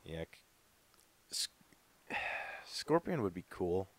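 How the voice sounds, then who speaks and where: Deep-voiced laid-back podcast guy. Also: very animated, takes it slowly, a bit bright. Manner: laid-back, lots of "like" and "dude". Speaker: podcast co-host. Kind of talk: casual chat.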